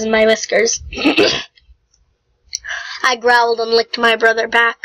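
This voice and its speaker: A woman reading a novel aloud in an unhurried, homemade style, with small slips and throat-clearing. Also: on the high side, fairly bright tone, poor audio. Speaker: reader. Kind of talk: amateur audiobook reading.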